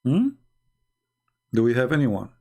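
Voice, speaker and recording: A man's voice: mid-range voice, big pitch swings, measured pace, vocal fry, mellow. A man with a non-hosting a live stream, retelling debates and acting out what others said in a raised voice, often repeating words and restarting sentences.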